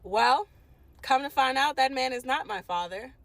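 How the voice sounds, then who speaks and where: A woman's voice: sits high, lively intonation, normal speed, fairly bright tone, no echo, rough recording. Indignant woman telling a family story. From Washington DC area. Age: late 20s. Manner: emphatic and indignant, addresses viewers directly. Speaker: vlogger. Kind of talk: storytime vlog, talking to viewers.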